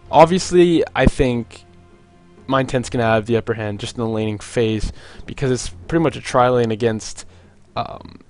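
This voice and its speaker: A young man casting a video game match on his own, chatty and jokey, with many filler words and quick asides. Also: medium pitch. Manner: rambling, jokey, lots of "like" fillers. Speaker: esports caster. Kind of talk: solo play-by-play commentary.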